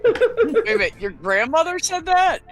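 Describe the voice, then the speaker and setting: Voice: very high-pitched, sing-song, moderate pace, over loud music. A guest on a casual online quiz who throws in teasing quips. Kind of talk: casual group chat.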